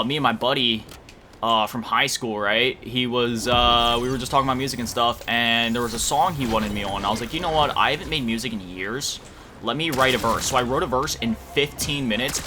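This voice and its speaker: Background noise surrounds a young Florida gaming commentator with a mid-range voice, who chats and rambles casually about his play, cursing now and then. Loud music plays under him, mixed with game music and gunfire.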